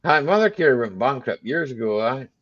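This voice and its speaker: A man's voice: medium pitch, sing-song, normal speed, a bit bright, highs cut off. A man hosting a casual live chat stream, joking and laughing a lot as he answers viewers. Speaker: livestream host.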